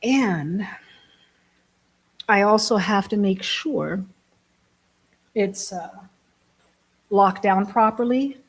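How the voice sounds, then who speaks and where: A woman's voice: medium pitch, rough recording. A woman from Germany chatting casually to camera, laughing often and making fun of herself. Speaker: vlogger, app builder.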